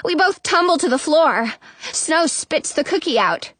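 A woman narrating a children's story in the first person, chatty and expressive. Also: sits high, a little slow, no echo. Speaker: audiobook narrator.

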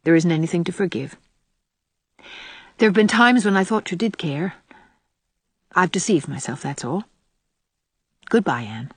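A sincere young man who speaks quietly and steadily, read by a woman narrator in her own voice. He is earnest and holds back his feeling. The recording is dry and close. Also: on the low side, expressive, unhurried, pauses often, breathy edge, dry recording. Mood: bitter, resigned.

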